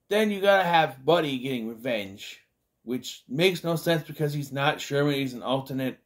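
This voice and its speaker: Rambling man reviewing a film. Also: fairly high pitch. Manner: rambling, many restarts and fillers. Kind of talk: casual film review vlog.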